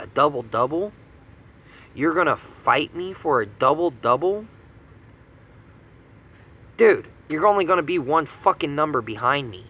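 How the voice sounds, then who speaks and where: Angry man ranting, gravelly and bright. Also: mid-range voice, slight background noise, rough recording. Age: 30s. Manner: profane, indignant, emphatic repetition. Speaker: vlogger ranting. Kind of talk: angry personal rant.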